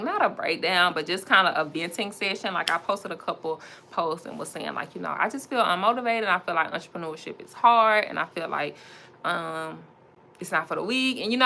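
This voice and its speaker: A young woman, an entrepreneur styling a wig on a livestream, chats animatedly and casually with viewers and laughs often. Her voice is fairly low, pushed and bright.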